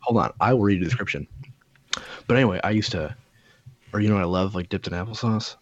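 A man's voice: lowish voice, quick pace, no echo, dull audio. A man chatting casually as a podcast co-host, swearing freely and wandering from one tangent to the next. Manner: profane, animated, digressive. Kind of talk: casual chat.

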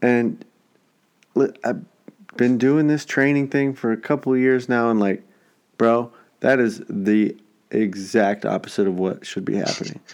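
A man's voice: medium pitch, fairly even intonation, unhurried, a little mellow. Profane man telling a gym story. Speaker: podcast co-host. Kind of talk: casual chat.

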